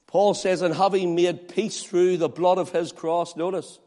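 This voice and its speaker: A man preaching a sermon, swinging between loud, pleading appeals and hushed, quiet asides. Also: high voice, fairly even intonation, measured pace. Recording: long hall reverb.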